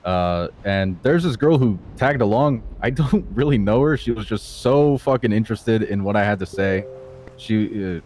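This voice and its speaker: A man's voice: lowish voice, animated, moderate pace, darkish tone, a little hiss or hum. A man in a roleplay who tells his side of events in a rambling, casual way and swears a lot. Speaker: accused client in roleplay. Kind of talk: in-character roleplay storytelling.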